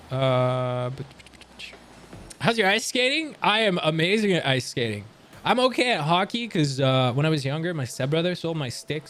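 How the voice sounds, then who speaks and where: A young man from Canada talking casually on a livestream, reading and answering chat with animated, joking surprise. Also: on the high side, a little hiss or hum. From Canada, near Montreal. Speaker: livestream streamer.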